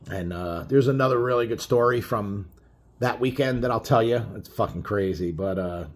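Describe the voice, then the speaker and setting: A middle-aged man tells a road story casually, swearing freely and wandering off with fillers. His voice sits low in pitch. It has a husky edge. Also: normal speed. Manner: profane, blunt, rambling with many fillers. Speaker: biker author telling a road story.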